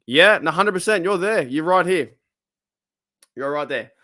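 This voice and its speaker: A man with an Australian accent and a hoarse, cracking voice, hosting a casual live chat and reading out viewer comments. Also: a little high, expressive, measured pace, bright, forceful tone, no room sound, clean studio sound. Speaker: livestream host. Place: home room.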